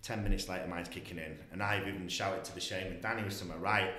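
A man's voice: deep voice, steady tone, quick pace, sharp tone, a little hiss or hum. Man, telling a rambling story in an echoey room. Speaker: guest. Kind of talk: casual storytelling.

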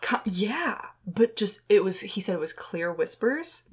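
A woman's voice: medium pitch, expressive, measured pace, slightly rough. A young woman hosting a podcast, telling ghost stories in a rambling, chatty way with lots of fillers, close to the microphone. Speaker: podcast co-host. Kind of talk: casual storytelling chat.

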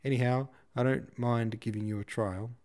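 A man reading a novel aloud, voicing a brusque, boastful middle-aged shop manager, a bit higher and louder than his narration. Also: steady tone, moderate pace, natural voice. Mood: pompous.

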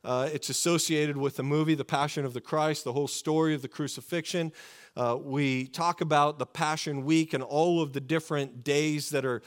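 A man preaching a sermon to his congregation, earnest and fervent, slowing down to stress key words. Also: fairly high pitch, steady tone. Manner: earnest, fervent preaching with slow emphatic pauses. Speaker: pastor.

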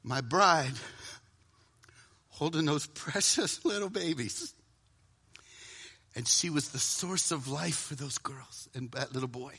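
A middle-aged man preaching a sermon to a live audience, dramatic, often dropping to a hushed voice for emphasis and acting out inner voices. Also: on the high side, slow, long pauses, slightly rough.

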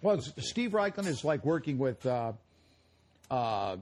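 A man's voice: medium pitch, sing-song, measured pace, a little mellow. A man co-hosting a live radio cooking show, joking and rambling in casual banter. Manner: jokey, rambling, coughing now and then. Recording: live remote broadcast at a retail store.

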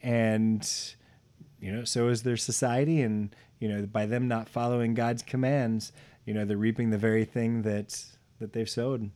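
A man's voice: on the low side, level tone, moderate pace, dark tone. A man co-hosting a casual Bible study conversation, easygoing, who reads passages aloud with emphasis. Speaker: podcast co-host reading scripture.

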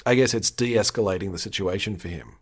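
Male co-host, husky low voice, loose and profane. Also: brisk. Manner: animated, swears freely, acts out quotes. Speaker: podcast co-host. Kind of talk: casual recap chat.

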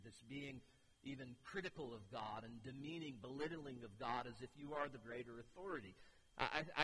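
A man's voice: medium pitch, sharp tone, a little hiss or hum. A young man preaching a sermon as pastor, earnest and building to emphatic pleas. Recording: hall reverb, faint ambience.

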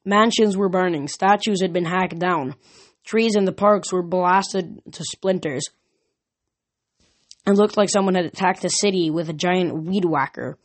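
A reader narrating a novel chapter aloud in steady first-person storytelling. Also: mid-range voice, unhurried. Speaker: audiobook reader. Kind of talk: fan audiobook narration.

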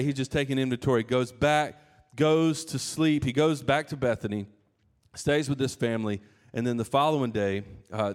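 A man's voice: fairly low pitch, darkish tone. A man preaching a sermon in a casual, conversational way, with asides and restarts. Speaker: pastor.

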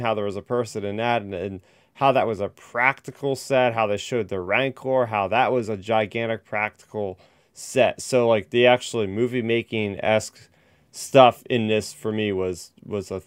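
A man's voice: fairly low pitch, clean tone, dry recording, clean studio sound. A man co-hosting a podcast, chatting casually and enthusiastically. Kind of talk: casual chat.

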